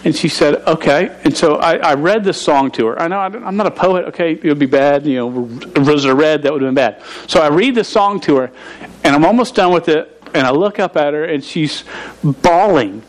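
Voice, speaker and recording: Man preaching a sermon, humorous storyteller with stammers, voice a touch high. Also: fairly quick, rough recording. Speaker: pastor.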